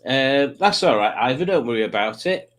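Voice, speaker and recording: Brief: male stream host, medium pitch, jokey and rambling, casual live chat. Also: animated, moderate pace, a bit bright. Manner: rambling, self-mocking, jokey.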